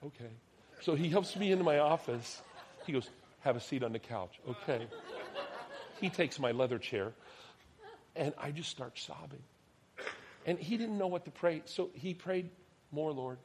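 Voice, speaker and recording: A man in his thirties, a pastor preaching a sermon, telling a personal story and acting out the dialogue, dropping to soft, quiet tones at tender moments. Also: medium pitch, slight background noise. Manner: animated storyteller, acts out quoted dialogue, drops to soft tones.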